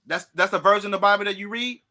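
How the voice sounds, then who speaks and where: A man's voice: high-pitched, very fast, sharp tone. A man from St. Louis hosting a heated religious debate, pressing his opponent with repeated questions and mocking laughs. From St. Louis, USA. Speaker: podcast host.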